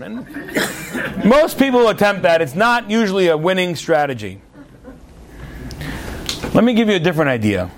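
High-voiced man giving a sermon. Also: normal speed, long pauses. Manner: storytelling with acted quotes, animated delivery.

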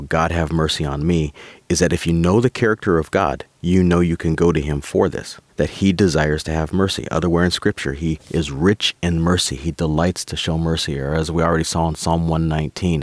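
Man, very low bass voice, dry; pastor-author guest who unpacks scripture calmly. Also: no room sound. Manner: measured, explains scripture by quoting verses. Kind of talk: conversational podcast talk.

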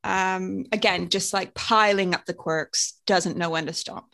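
A woman co-hosts a podcast in a fairly low, steady voice that sounds creaky, pushed and bright, speaking at a measured pace. Her casual chat turns into storytelling narration as she reads out the details with wry, dry jokes.

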